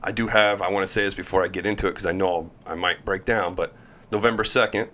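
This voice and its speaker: A man telling stories as a podcast guest, lively and acting out the people he quotes. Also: deep voice, fast talker. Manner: animated storyteller, acts out quoted voices. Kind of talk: casual storytelling chat.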